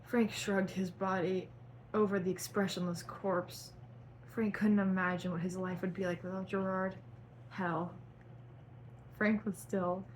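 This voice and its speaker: A woman's voice: mid-range voice, flat delivery, measured pace, slight background noise, poor audio. A young woman reading her own fan fiction aloud in a melodramatic voice, stopping to cringe at the writing. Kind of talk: dramatic reading with asides.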